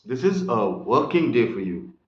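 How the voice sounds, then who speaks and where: A man's voice: medium pitch, big pitch swings, normal speed. A man with an Indian English accent teaching a literature lesson line by line. He explains patiently and calls his students children. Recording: roomy, dull lo-fi room recording.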